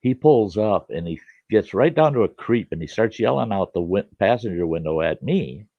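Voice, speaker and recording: A man's voice: lowish voice, lively intonation, moderate pace, dry recording. A man in his sixties, a host, telling a childhood story in a folksy, conversational way. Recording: dull lo-fi dry recording.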